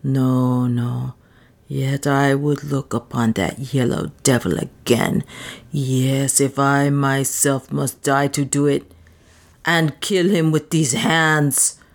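A woman's voice: very deep voice, fairly even intonation, takes it slowly, creaky, heavily acted. A woman voicing Otter, a fierce, proud dwarf guide who speaks solemnly and formally. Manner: solemn, vengeful, formal old-fashioned speech.

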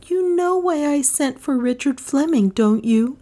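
A woman voicing a frightened young woman in love who speaks in urgent, breathy undertones. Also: sits high, animated, a little slow, mellow, pitched above the performer's own voice. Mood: anxious, urgent.

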